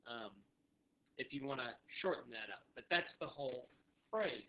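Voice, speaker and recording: A man teaching English phrases, saying each one slowly and repeating it so learners can practice. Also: mid-range voice. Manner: slow deliberate modeling, repeats phrases for learners. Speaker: literacy teacher. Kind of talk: ESL lesson, modeling phrases. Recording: muffled lo-fi audio.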